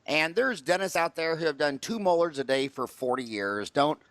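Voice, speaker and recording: Blunt, slightly higher-voiced male podcast host. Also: expressive, a bit bright, no room sound. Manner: blunt, quick, interjecting questioner. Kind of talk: podcast interview.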